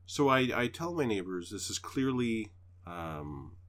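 Low-voiced and measured, this podcast co-host works through a long tale in laid-back conversation. He tells it with animation, swears without holding back, and voices what others said.

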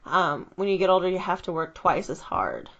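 A woman's voice: fairly low pitch, sing-song, moderate pace, a bit bright, muffled recording. A woman hosting a casual podcast, giggly and playfully teasing her guest. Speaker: podcast host.

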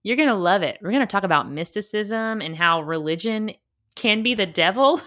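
A woman hosting a solo podcast as a book coach, talking in an animated, emphatic way with playful asides. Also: medium pitch, normal speed, faint music behind. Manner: energetic, swings between soft and loud.

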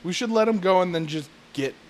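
A man vents on a casual podcast, swearing through nearly every sentence. His voice sits a little high for a man. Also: lively intonation, brisk, a little mellow, a little hiss or hum. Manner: profane ranting, frequent swearing. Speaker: podcast co-host.

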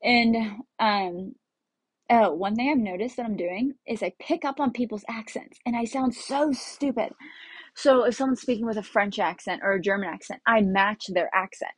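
Young woman vlogger, chatty storyteller, mid pitch, dry close sound. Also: moderate pace, breathy edge, no echo. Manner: chatty, laughs often, acts out her own quotes. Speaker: travel vlogger. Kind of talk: casual travel storytelling.

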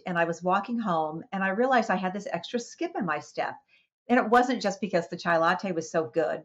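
A woman, a wellness coach, telling a personal story in a podcast interview with lively expression and small restarts. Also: lowish voice, dull audio.

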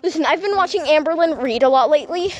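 A woman's voice: sits high, animated, quick pace. A young woman telling a casual storytime vlog while walking outdoors, chatty and gossipy, full of "like" fillers and laughing asides. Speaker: vlogger.

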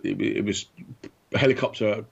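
A man telling animated anecdotes in casual chat, acting out the voices of the people in his stories. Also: lowish voice, normal speed, gravelly, husky. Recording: dull lo-fi sound.

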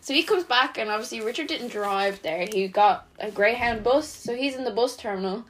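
A woman's voice: fairly high pitch, normal speed, background noise. A young woman, co-hosting a podcast and casually retelling a true-crime story, full of swearing, laughter and "like" fillers. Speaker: podcast co-host.

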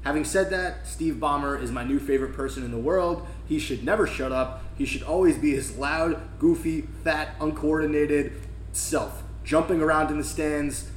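A man's voice: fairly high pitch, normal speed. A young man co-hosting a casual sports podcast, talking bluntly and ranting with swearing. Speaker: podcast co-host. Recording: echoey room with faint background noise.

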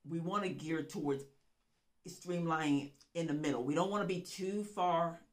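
Woman cohost, kinda low voice, blunt. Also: normal speed. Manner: blunt, lots of short agreeing backchannels. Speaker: podcast co-host. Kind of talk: casual chat.

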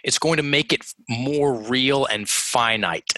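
Man, podcast guest coach, bright voice, dry recording, animated, restarts a lot. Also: mid-range voice, slow, dry recording, low-quality recording. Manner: animated, acts out quoted voices, many restarts. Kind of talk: conversational podcast interview.

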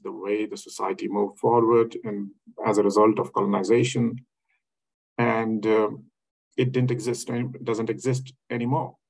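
A man's voice: lowish voice, creaky, darkish tone, rough recording. A man speaking as an academic in a reflective lecture style, hesitant, with many fillers and restarts.

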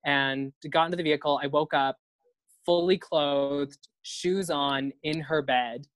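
A man's voice: a little high, steady tone, a little slow, a bit bright, no room sound. A young man spins a story in casual chat, talking loosely, swearing and laughing as he goes. The recording is dry and close, with no room sound. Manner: chatty, swears freely, laughs often.

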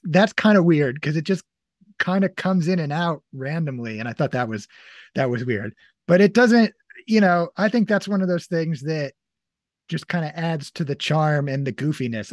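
A man's voice: a little high, moderate pace, no room sound. A man hosting a movie podcast, chatting casually and rambling with lots of filler words. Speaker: podcast host. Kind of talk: casual movie review chat.

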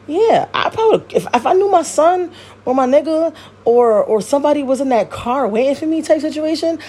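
A woman's voice: high voice, brisk. A woman hosting her own podcast, ranting casually with blunt, profane slang and lots of repetition. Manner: blunt, heavy swearing and slang; animated, repeats herself. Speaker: podcast host. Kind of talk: casual commentary rant.

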